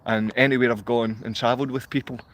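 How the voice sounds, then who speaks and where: Middle-aged Glaswegian man, livestream host, emotional rambling delivery, average pitch. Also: steady tone, fast. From Scotland. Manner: emotional, rambling, often laughing. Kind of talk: rambling live-stream monologue.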